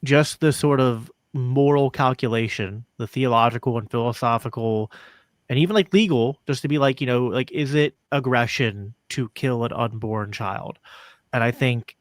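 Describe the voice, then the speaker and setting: A man hosting a podcast interview, talking loosely with lots of "like" fillers and quick laughs. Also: medium pitch, no room sound. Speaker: podcast host. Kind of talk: casual conversational interview.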